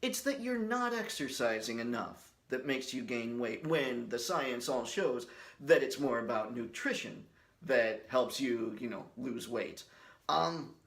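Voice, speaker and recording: A man's voice: medium pitch, expressive, unhurried, a bit bright, roomy sound. A man hosting his company's video series, talking straight to camera in a goofy, shameless way. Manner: goofy, shameless, breaks into silly voices. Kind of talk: jokey direct-to-camera talk with impressions.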